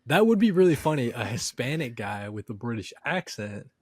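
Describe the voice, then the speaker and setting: A man's voice: medium pitch, very animated, moderate pace, darkish tone, breathy edge, no room sound, clean studio sound. A man hosting a podcast in casual, upbeat chat, often saying "dude". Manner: upbeat, laid-back, says "dude" a lot. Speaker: podcast host.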